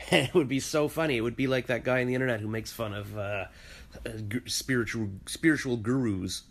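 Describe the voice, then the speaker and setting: A man's voice: mid-range voice, normal speed. A man vlogging casually from his home, rambling and joking in a self-deprecating way. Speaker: vlogger and voice actor. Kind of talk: casual vlog.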